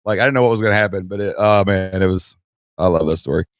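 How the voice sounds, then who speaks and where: A deep-voiced man talks fast as a podcast co-host, animatedly telling a story in casual chat, acting out the voices of those involved and laughing mid-story. It's studio quality with no room sound.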